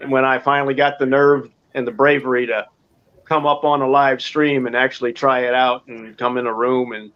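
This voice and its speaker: A man's voice: mid-range voice, flat delivery, moderate pace, lo-fi sound. A man from New Orleans hosting a casual livestream chat, rambling and laughing often. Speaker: livestream host.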